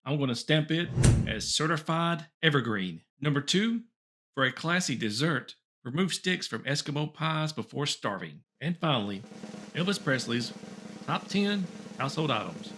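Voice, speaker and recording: A man's voice: a little high, animated, normal speed, fairly bright tone. Wry, chuckling male comedy host. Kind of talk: comedic reading of old top ten lists.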